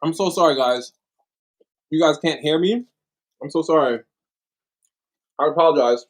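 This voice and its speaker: A man's voice: a little high, normal speed, poor audio. A young man co-hosting a casual livestream chat, rambling and apologetic, laughing often. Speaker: livestream co-host.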